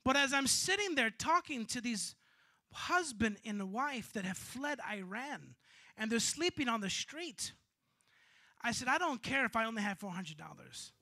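A man preaching a sermon, telling a story with animated, sometimes shouted delivery. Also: extremely high pitch, unhurried. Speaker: bishop preaching.

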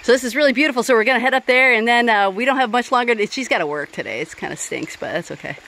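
Bright-voiced woman vlogging on a hike. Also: on the high side, expressive, very fast, slight background noise. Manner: chatty, upbeat, many fillers. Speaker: vlog host. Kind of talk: casual hiking vlog. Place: outdoors on a wooded creek trail.

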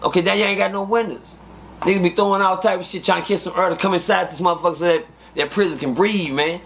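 A man, an interview guest, telling prison stories in a profane, animated way and acting out the dialogue. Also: sits high, fast talker, vocal fry. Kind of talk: casual storytelling.

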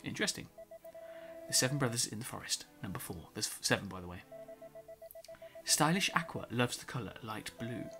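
A woman's voice: rumbling low, expressive, fairly quick, pauses often, fairly bright tone, faint music behind. A woman hosting a gameplay video, reading in-game books aloud with wry asides and mumbled self-talk. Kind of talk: casual let's-play reading in-game books.

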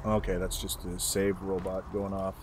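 A man's voice: low-pitched, monotone, moderate pace, noisy background. A man giving casual let's-play commentary as he plays, making wry, joking asides. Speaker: gameplay commentator.

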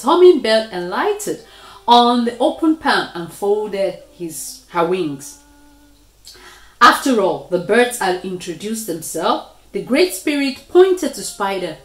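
A woman reading a children's story aloud in a slow, expressive way. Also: medium pitch. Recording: echoey room.

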